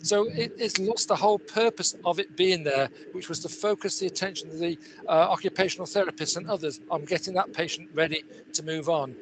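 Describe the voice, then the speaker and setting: A man's voice: high voice, fairly quick, few pauses, noisy background. A man on a conference panel who rambles and fires off pointed questions. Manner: probing, full of questions, rambling. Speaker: patient representative panelist.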